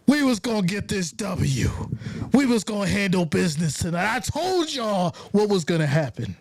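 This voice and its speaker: A man's voice: high-pitched, sing-song, moderate pace, no echo. A man hosting a live reaction stream of a football game, calling plays, reading chat messages aloud and cheering with casual slang. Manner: hyped, shouting and cheering on big plays; reads viewer chat aloud.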